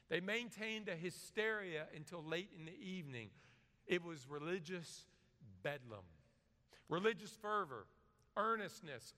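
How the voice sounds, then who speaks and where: A man delivers a sermon in a bright, forward voice pitched a little high. He reads scripture dramatically, swelling to loud emphasis and falling to quiet asides. A long reverb trails his words, as in a large hall. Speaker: preacher.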